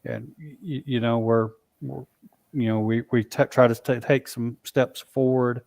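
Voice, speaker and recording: A man telling a long story in a casual, halting way, full of fillers and restarts. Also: medium pitch, fairly even intonation, vocal fry, darkish tone, no room sound. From Alabama, US. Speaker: Bigfoot researcher guest.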